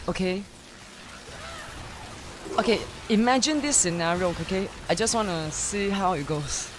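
A man in his late thirties with an Asian-accented English, talking earnestly and haltingly in casual chat, often restarting his sentences. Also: high-pitched, background noise. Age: 30s. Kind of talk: casual chat between gamers.

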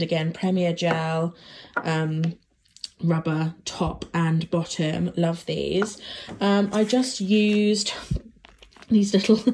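A woman's voice: fairly low pitch, darkish tone. A young woman, chatting casually to camera in a vlog, rambling with lots of fillers and little giggles. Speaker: vlogger.

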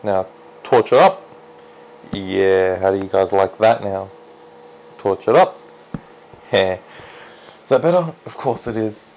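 A man casually commentating his own gameplay, chatty and self-deprecating, jumping into excited high yelps. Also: slow pace, pauses often, lo-fi sound, slight background noise. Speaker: let's play gamer.

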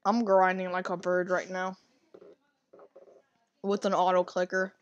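A woman giving casual, excitable commentary while playing a game, gasping and rambling. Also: on the low side, a little slow, muffled recording. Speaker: gaming video creator.

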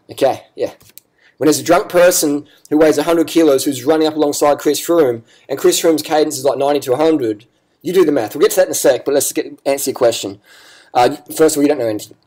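A man's voice: mid-range voice, darkish tone. A man giving ranting vlog commentary, profane, sarcastic and combative. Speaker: cycling vlogger.

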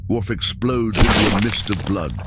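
A man reading the narration of a comedy sketch in an even, deadpan way. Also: on the low side, moderate pace, heavy background noise. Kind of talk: scripted narration.

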